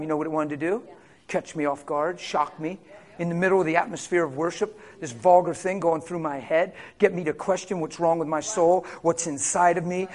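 A man preaching a sermon as pastor, swinging from hushed storytelling to loud, fervent shouting. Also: fairly high pitch.

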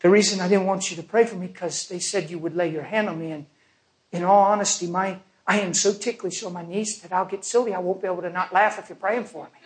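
A woman's voice: fairly low pitch, fairly even intonation, fast talker, close to an everyday voice, low-quality recording. A man voicing a hesitant, candid older woman during a sermon story, barely changing his own voice. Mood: sheepish. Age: middle-aged.

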